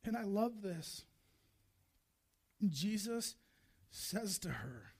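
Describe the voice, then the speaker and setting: A man preaching a sermon, emphatic, driving points home with repeated refrains and building to loud passages. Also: sits high, sing-song, drawn-out words, vocal fry, pauses often, husky.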